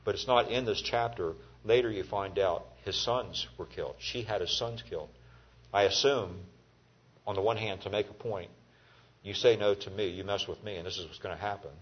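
Husky-voiced man teaching a Bible class. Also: sits low. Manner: folksy, storytelling, asks the class questions. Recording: dull lo-fi recording.

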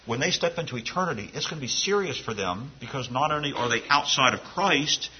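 A man's voice: mid-range voice, lively intonation, a little fast, dull audio, slight background noise. A man preaching a sermon to his congregation in an earnest, conversational way, often restarting his phrases. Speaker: pastor.

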